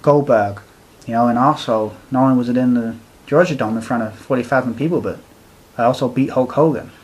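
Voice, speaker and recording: A man's voice: medium pitch, brisk, darkish tone, husky. A man ranting heatedly and swearing as he co-hosts a wrestling chat. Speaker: wrestling podcast co-host.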